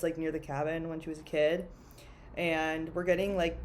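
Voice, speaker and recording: A woman's voice: lowish voice, a little mellow, a little hiss or hum. Chatty young woman co-hosting a podcast. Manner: chatty, frank, heavy use of "like". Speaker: podcast co-host. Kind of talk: casual book-club chat.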